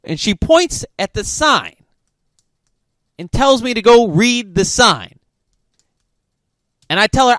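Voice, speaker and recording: A man's voice: very high voice, very animated, takes it slowly, pauses often, fairly bright tone, dry recording, clean studio sound. A man hosting a podcast, telling a travel story in a casual monologue, swearing constantly and venting his frustration. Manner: profane, exasperated ranting. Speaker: podcast host.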